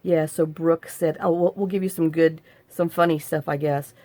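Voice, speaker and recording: Low-pitched and warm, a middle-aged crafting host chats to herself while working in a casual tutorial. Her intonation stays fairly even, her pace is moderate, and there's no room sound.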